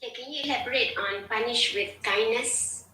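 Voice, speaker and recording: A woman's voice: on the high side, normal speed, pushed and bright, roomy sound, distant mic, low-quality recording. A woman moderating a question-and-answer session, reading out the questions plainly. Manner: reads questions aloud plainly.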